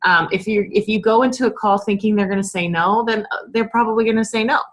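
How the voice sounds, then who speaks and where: A woman in her thirties coaches her sales team in a casual, chatty style, using lots of fillers and acting out bits of customer dialogue. Her mid-range, slightly bright voice moves quickly with fairly even intonation.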